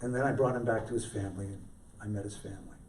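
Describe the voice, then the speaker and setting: A man's voice: on the low side, fairly even intonation, very fast, slight background noise. Brief: middle-aged male rabbi, anecdotal storyteller, reverberant hall, mic at a distance. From California, USA. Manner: warm anecdotal storyteller with self-deprecating humour. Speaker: rabbi, guest scholar. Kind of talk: storytelling talk to a congregation. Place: synagogue hall. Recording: roomy hall, mic from afar.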